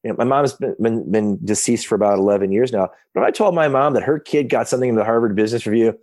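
A man in his fifties tells stories from his home office with lots of restarts, his voice rising and falling in a lively way. His pitch sits in a middle register. He sounds like he's talking over a video call. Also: fast talker. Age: 50s. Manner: excited, animated retelling with many restarts. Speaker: podcast guest, founder. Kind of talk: casual storytelling.

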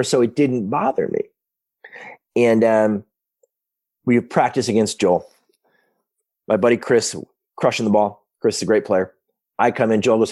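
A man in his fifties telling stories as a podcast guest, casual and animated, often restarting his sentences from his home office. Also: mid-range voice. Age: 50s. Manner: excited, animated retelling with many restarts. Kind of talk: casual storytelling.

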